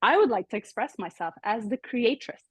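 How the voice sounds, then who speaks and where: A woman guest on a podcast speaking slowly and deliberately in spiritual terms. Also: a little high, lively intonation, husky, dry recording. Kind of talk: casual podcast conversation.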